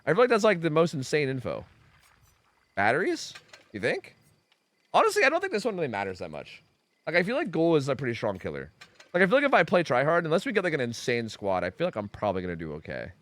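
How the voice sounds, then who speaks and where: A man's voice: on the high side, huge pitch swings, fast talker, a bit bright, no room sound. A young man from Pennsylvania streaming a video game, chatting casually and rambling with lots of fillers and swearing. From Pennsylvania, United States. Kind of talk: casual gameplay commentary.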